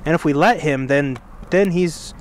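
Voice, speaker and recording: A man's voice: on the high side, normal speed, a little hiss or hum. A man co-hosting a casual religious podcast, telling a story in a rambling way and correcting himself as he goes, sitting outdoors by a fire. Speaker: podcast co-host.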